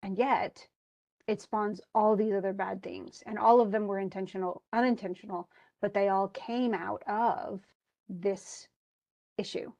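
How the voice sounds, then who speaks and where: A woman's voice: mid-range voice, steady tone, a little slow, vocal fry, a little mellow, no echo, muffled recording. A woman literature instructor giving a casual classroom lecture, retelling a play in a chatty, conversational way and slipping between modern slang and quoted old-fashioned verse. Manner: chatty plot retelling with frequent "he goes" asides.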